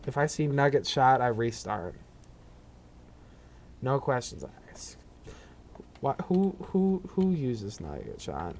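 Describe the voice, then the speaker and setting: Male streamer, unhurried and rambling, mid-pitch, self-deprecating asides, faint keyboard clatter behind. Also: animated, a little mellow, a little hiss or hum. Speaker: game streamer. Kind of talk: casual gameplay commentary.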